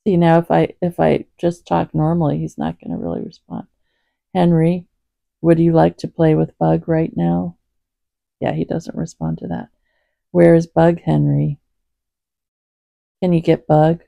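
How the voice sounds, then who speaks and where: A woman hosting a Bible reading for her cats, praying and chatting in a gentle, soft-spoken, rambling way at home. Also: low voice, little pitch movement, measured pace, creaky, pauses often, no room sound. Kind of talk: prayer and casual chat to camera.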